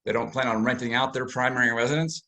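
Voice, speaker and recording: A man's voice: medium pitch, fast, sharp tone. A man, a mortgage lender, explaining financing to realtors in a webinar presentation, with frequent fillers and restarts.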